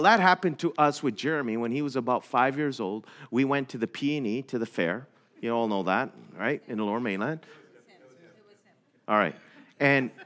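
A man's voice: medium pitch, a bit bright. A middle-aged man preaching a sermon, telling a personal story and building to impassioned emphasis. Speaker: pastor.

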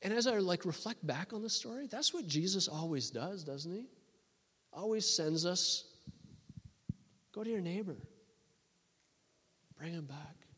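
A man preaching and telling a story to a church, with many restarts and a lively storytelling delivery. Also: sits high, measured pace, pauses often, slightly rough. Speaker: guest preacher. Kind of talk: sermon storytelling. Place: church hall. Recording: long reverb of a church hall.

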